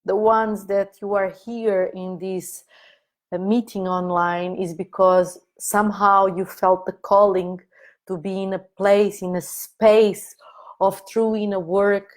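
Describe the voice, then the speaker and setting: A woman guiding listeners through an inner-child exercise in a live online talk, speaking gently and repeating her soothing instructions. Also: mid-range voice, flat delivery, slow pace. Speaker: consciousness coach leading an online meeting. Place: online meeting.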